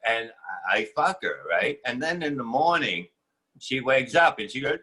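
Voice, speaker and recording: A man spins crude, rambling anecdotes on a podcast, stopping and restarting as he goes. His voice is bright and ringing, sitting in a middle pitch. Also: expressive, normal speed, poor audio. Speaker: comedian guest. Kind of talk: casual podcast banter.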